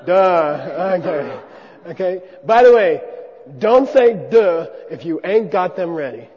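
A man with a high voice leads a class through debate drills, cracking jokes and calling out short syllables for everyone to repeat. The recording is muffled and carries a long hall reverb. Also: animated, slow pace. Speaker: teacher of monastic debate. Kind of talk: hands-on class demonstration with call-and-response drills.

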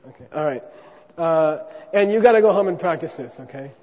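A man's voice: a little high, lively intonation, fairly quick. A man teaching a class how to debate, joking and calling out syllables for the room to repeat. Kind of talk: hands-on class demonstration with call-and-response drills. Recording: dull recording in a reverberant hall.

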